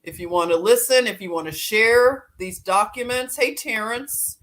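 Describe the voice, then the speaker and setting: A woman's voice: mid-range voice, normal speed, fairly bright tone. A woman hosting a casual livestream, greeting viewers by name and laughing often as she chats. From Philadelphia. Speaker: livestream host.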